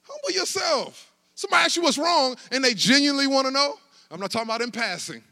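A man preaching a sermon in a high, bright, ringing voice. He moves from soft, conversational asides to shouted, climbing lines. He talks to his congregation in a loose, casual way. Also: sing-song, fast talker. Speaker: pastor.

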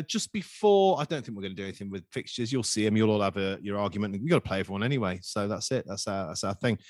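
Male podcast host, quick and animated, dry close sound. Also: lowish voice, no room sound. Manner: animated, swearing, jokey. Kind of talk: casual chat.

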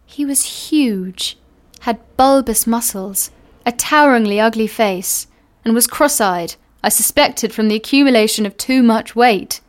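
A woman reading a novel aloud in a measured, unhurried way. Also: on the high side. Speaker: reader.

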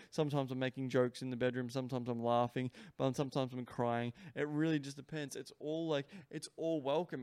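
A man talking solo on his podcast, cursing constantly and leaning hard on "like" between thoughts. His voice sits at an everyday middle pitch. The sound is dry, with no room around it. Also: a little mellow, clear, resonant tone, no echo. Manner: profane, emphatic, heavy use of "like" fillers. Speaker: podcast host and sex coach.

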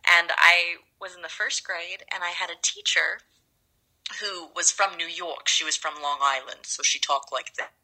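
A young woman from Los Angeles, a guest actress, telling animated stories in a casual interview. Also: fairly low pitch, poor audio. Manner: animated, drawn-out storytelling.

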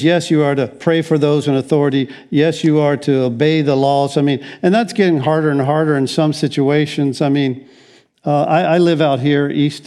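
Older guy pastor preaching casual, kinda high voice, keeps restarting his sentences. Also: mellow. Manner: rambling, frequent restarts, wry asides. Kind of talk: conversational sermon.

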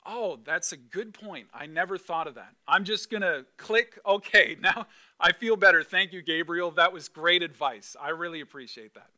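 A man's voice: sits high, normal speed, bright, forceful tone. A man briefly voicing Mary as a young woman, in a breezy, mock-casual way. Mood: mock relieved.

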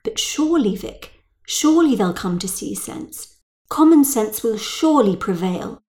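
A woman voicing a scheming, coolly practical woman friend in a brisk, knowing voice. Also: fairly high pitch, lively intonation, warm tone, echoey room. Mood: coaxing.

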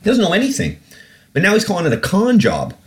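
A man's voice: high-pitched, huge pitch swings, quick pace. A man hosting a podcast, ranting animatedly and swearing freely in casual talk. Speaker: podcast host.

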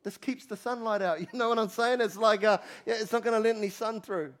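A man preaching a sermon as pastor, animated and emphatic, repeating phrases for emphasis. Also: sits high, brisk. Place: church.

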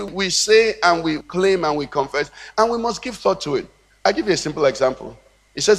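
Man, Nigerian English accent, pastor, sermon, high voice, call-and-response cadence, long church hall reverb. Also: lively intonation, brisk. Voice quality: rhythmic preaching cadence with call-and-response questions.

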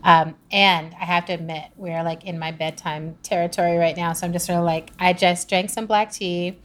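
Lively woman guest, lowish voice. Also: normal speed. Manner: animated, laughing storyteller, acts out own thoughts. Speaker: guest author. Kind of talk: casual interview chat.

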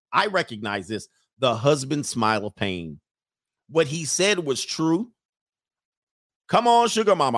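A man riffs through a comedic reaction video, sarcastic and quick to laugh. His voice is close and dry, with no room sound around it. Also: mid-range voice, fairly bright tone, no room sound. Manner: joking, sarcastic, laughs often. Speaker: reaction commentator.

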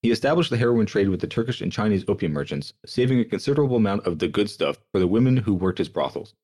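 A young man hosting a podcast, reading history notes aloud with quick, sardonic asides. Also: on the low side, expressive, darkish tone, breathy edge. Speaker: podcast host.

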